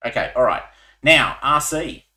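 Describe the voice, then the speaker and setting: A man running a tabletop war game as game master, explaining rules in a relaxed way with many ums. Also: mid-range voice, measured pace, echoey room, poor audio.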